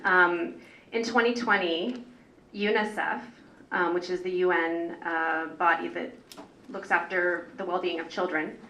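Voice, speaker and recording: On a public panel, a woman parent organizer with a fairly low, sharp-toned voice speaks unscripted, earnest and rambling, full of fillers and restarts. The hall is echoey and the mic is at a distance.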